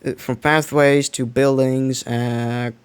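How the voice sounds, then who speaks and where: A man's voice: mid-range voice, little pitch movement, slow pace, clear, resonant tone. A man streaming a game, giving casual live commentary, rambling and restarting his sentences as he plays. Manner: rambling, restarts often, mutters to himself.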